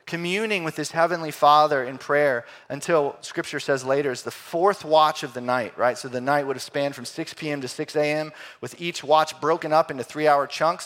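A middle-aged man preaching a sermon, animated, swinging from loud exclamations to hushed, quiet phrases. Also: a little high. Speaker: pastor.

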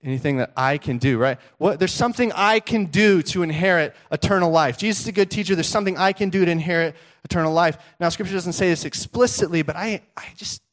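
A male pastor preaching a sermon in a conversational, animated storytelling way, with frequent restarts. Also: high-pitched, fast talker, hardly any pauses.

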